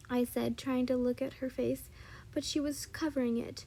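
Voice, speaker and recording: A woman's voice: high voice, flat delivery, normal speed, mellow, slightly rough. A woman casually reading a fan story aloud, stumbling and apologizing now and then. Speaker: story reader.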